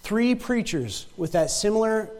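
A man with a high voice preaches a sermon, telling stories in a loose, conversational way. He often stumbles, restarts and doubles his words, and keeps turning to the congregation with direct questions. His voice rings out with the long reverb of a big hall. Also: animated, a little slow, darkish tone. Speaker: pastor.

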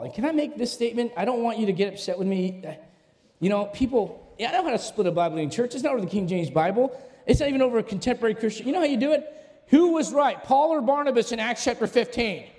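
A man preaching a sermon as pastor, animated and questioning the congregation, rising to shouts. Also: sits high, fast talker, long reverb tail. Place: church sanctuary.

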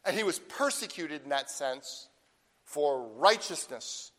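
High, bright-voiced preacher man in a hall. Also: animated. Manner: preaching with rhetorical "right?" asides, reading scripture slowly. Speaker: pastor. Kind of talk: sermon.

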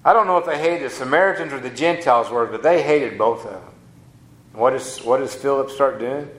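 A man's voice: mid-range voice, fairly quick, fairly bright tone. A man, preaching a sermon as a pastor in a folksy, conversational way with casual asides. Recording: echoey room.

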